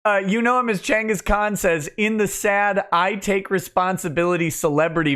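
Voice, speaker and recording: A man's voice: sits high, fairly even intonation, moderate pace, hardly any pauses, fairly bright tone. A man hosting a late-night livestream, reading viewer chats aloud with jokes. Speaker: livestream host.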